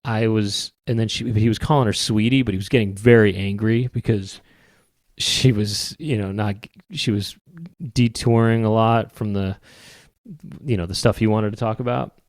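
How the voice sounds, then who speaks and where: A man's voice: fairly low pitch, fairly even intonation, moderate pace, no echo, studio quality. A man hosting a podcast and talking in a rambling, wry, casual comedic monologue that often trails off. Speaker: podcast host.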